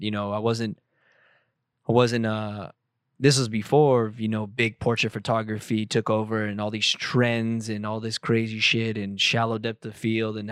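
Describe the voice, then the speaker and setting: A man's voice: lowish voice, clear, resonant tone, no echo, clean studio sound. A young man, a photographer, answering viewer questions in casual chat, rambling with lots of swearing and self-corrections.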